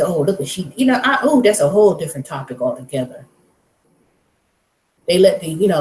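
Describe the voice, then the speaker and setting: A woman hosting her own vlog, ranting bluntly and profanely in casual talk. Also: medium pitch. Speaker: vlog host. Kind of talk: casual rant to camera. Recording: roomy echo.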